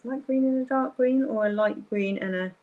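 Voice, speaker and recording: A woman's voice: on the high side, normal speed, phone-quality sound. A woman hosting a live-streamed craft tutorial from her craft table at home, thinking aloud as she paints and often apologizing. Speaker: craft workshop host.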